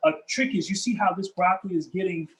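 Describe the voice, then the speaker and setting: A man's voice: high voice, fast, rough recording. A man hosting a cooking demonstration in a kitchen, upbeat and chatty, talking straight to his viewers. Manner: upbeat, chatty, addresses viewers as y'all and family. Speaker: chef hosting a cooking demo.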